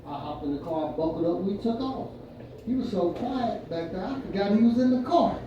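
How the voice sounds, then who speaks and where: A man's voice: high voice, expressive, a little fast, highs cut off, background noise. An older man doing stand-up, telling folksy stories and laughing at his own punchlines. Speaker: stand-up comedian. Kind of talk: stand-up storytelling. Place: winery event room with live audience. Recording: echoey room from far off, crowd laughter.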